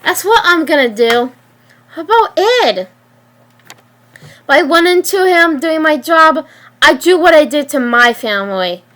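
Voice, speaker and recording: A woman reading a story aloud and voicing a cocky young male virus, cold and defiant, with a flat, matter-of-fact delivery and small stumbles. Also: high-pitched, measured pace, pauses often, voice pushed up.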